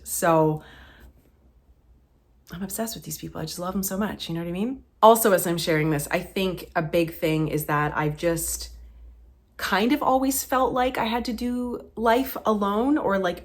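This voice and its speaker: A woman in her thirties chatting to camera as a vlogger, heartfelt and close to tears, with many fillers. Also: medium pitch. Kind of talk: casual chat to camera.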